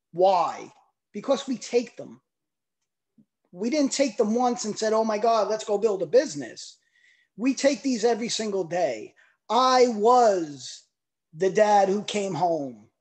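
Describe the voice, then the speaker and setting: A man in his forties giving an emotional, emphatic testimonial pitch on a video call. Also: a little mellow. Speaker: product promoter on a video call.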